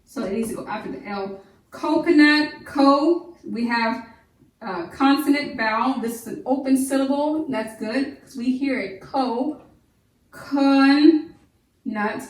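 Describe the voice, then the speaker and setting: A woman teaches a phonics lesson, stretching each syllable as she sounds words out. Her voice sits fairly high. She is heard from a distance in an echoey room. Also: normal speed. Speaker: homeschool teacher.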